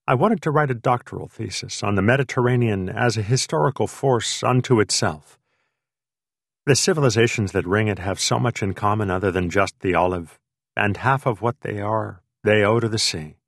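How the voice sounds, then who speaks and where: A worldly, educated American man, voiced by a male narrator in close to his own tone, speaking in a measured, articulate way. The voice is low and gravelly, recorded close and dry. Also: no room sound. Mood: earnest.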